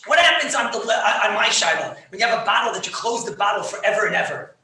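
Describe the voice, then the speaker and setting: A high-pitched, very sharp and bright male voice, a rabbi teaching a halachic class over a video call. He gets excitable, repeats himself and laughs as he explains, and he mixes in Hebrew and Yiddish terms. The sound is roomy and set back from the mic. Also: fast talker. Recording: echoey, distant, faintly noisy video call.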